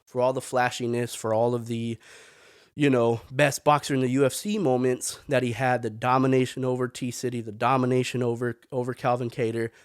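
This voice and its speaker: A man's voice: medium pitch, flat delivery, brisk, smooth, no room sound, studio quality. A man hosting a podcast, giving casual, opinionated sports commentary that rambles and keeps throwing in "man". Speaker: podcast host.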